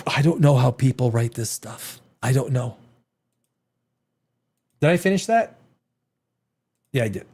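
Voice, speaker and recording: This man's medium-pitched voice is a little slow and slightly rough, broken by long pauses. Hosting a show as a screenwriter, he rants animatedly through a review, restarting often, swearing and mimicking dialogue.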